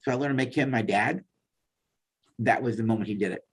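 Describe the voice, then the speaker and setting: A man's voice: mid-range voice, fairly quick, a little hiss or hum. A man, a therapist guest, sharing a heartfelt personal testimony in conversation and acting out the dialogue as he tells it. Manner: heartfelt storytelling, acts out dialogue. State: tearful at times.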